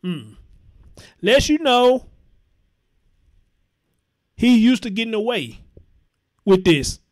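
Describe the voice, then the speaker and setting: A man's voice: very high voice, big pitch swings, slow pace. A man hosting a live commentary show, reading chat comments aloud and reacting bluntly, with lots of profanity and repetition for emphasis. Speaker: host.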